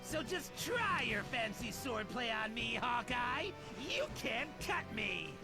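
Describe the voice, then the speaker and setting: A man voicing a vain, boastful male clown pirate in an English-dubbed fighting game, shrill and blustering. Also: sing-song, slow, exaggerated voice. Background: game music.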